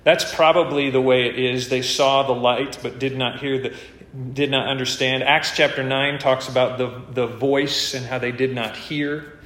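A man's voice: mid-range voice, fairly bright tone. A man preaching an expository sermon, earnest and emphatic, lifting his voice on key points. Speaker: preacher and teacher. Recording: roomy echo.

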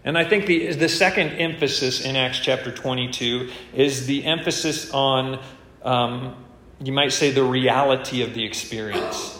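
Man, preacher, earnest verse-by-verse sermon, emphatic, mid-pitched voice, echoey room. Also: fairly even intonation, a little slow, fairly bright tone, a little hiss or hum. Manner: earnest, emphatic, rises in pitch on key points. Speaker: preacher and teacher. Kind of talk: expository sermon. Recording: roomy echo.

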